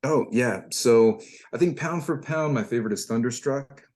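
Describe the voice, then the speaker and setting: A man, a former tank crewman, telling army stories casually, halting and repeating himself. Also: medium pitch, darkish tone. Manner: halting, many restarts and fillers. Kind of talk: casual storytelling.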